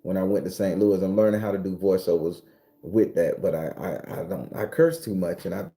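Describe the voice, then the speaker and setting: Low-voiced guy on a livestream chatting with viewers, cursing, warm dark tone, gets loud and high when he rants. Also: fairly quick. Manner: loose, cursing freely, reacting to viewer comments; swings into loud, high-pitched ranting at times. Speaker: livestream host. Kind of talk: casual livestream chat.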